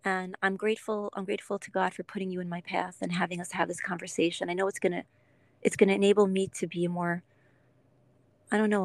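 A woman hosting a podcast, talking in an earnest, gentle and encouraging way in a heartfelt interview. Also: medium pitch, gravelly, no echo. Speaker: podcast host.

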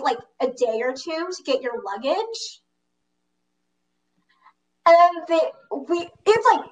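Chatty high-voiced teen girl, slightly off-mic. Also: distant mic, rough recording. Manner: animated, lots of "like", laughs mid-story. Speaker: storyteller recounting a school trip. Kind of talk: casual storytelling chat.

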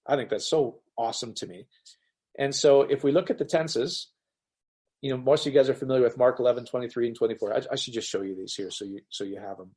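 This pastor teaches the Bible in a loose, casual online session, speaking quickly in a mid-range, slightly rough voice. He reads animatedly and acts out the voices of the people he quotes.

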